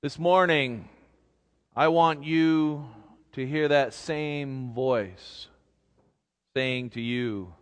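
A man preaching a sermon, speaking gently and reflectively as a pastor. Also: medium pitch, very slow, long pauses, clean tone. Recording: long reverb of a large hall.

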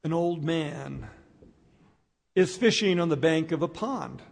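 A man preaching a sermon, slow and reflective, with dramatic pauses. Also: fairly high pitch, expressive, creaky. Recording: long hall reverb.

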